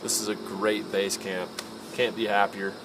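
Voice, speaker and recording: A man talks easygoing and folksy while showing his camp gear, his voice sitting a little low. He is slightly out of breath from the altitude, recorded outdoors with clear background noise. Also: little pitch movement, unhurried. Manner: easygoing, folksy, says y'all. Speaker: outdoor vlogger. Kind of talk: casual camping vlog. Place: outdoors at a mountain campsite.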